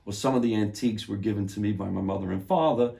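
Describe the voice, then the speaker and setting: Gravelly low-voiced comedian host. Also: male voice, fast, mellow. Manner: joking, rambling setups. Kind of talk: casual comedic chat.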